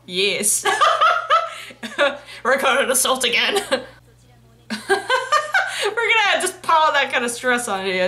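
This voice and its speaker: A woman's voice: high-pitched, wildly swooping pitch, takes it slowly, pauses often, sharp tone, a little hiss or hum. A young woman reacting to an anime, giggling often and talking back at the characters on screen. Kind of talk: casual reaction commentary.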